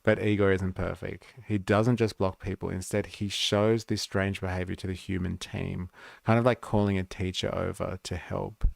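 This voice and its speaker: A man's voice: low voice, level tone, moderate pace, vocal fry, dry recording. A man with an Australian accent hosting a livestream, reading out an explainer and rambling through casual commentary with lots of filler words. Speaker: livestream host. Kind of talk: casual commentary while reading and reacting to a video.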